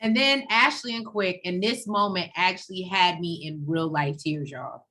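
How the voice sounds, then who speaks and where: Woman, co-host, casual recap chat, bright tone, chatty retelling. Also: fairly low pitch, moderate pace. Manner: chatty, animated retelling with quoted voices.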